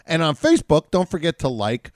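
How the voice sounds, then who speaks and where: A middle-aged man hosting a podcast, reading plugs in a lively, jokey way. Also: a little high, fairly quick, no room sound, clean studio sound. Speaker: podcast host. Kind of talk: casual podcast chat.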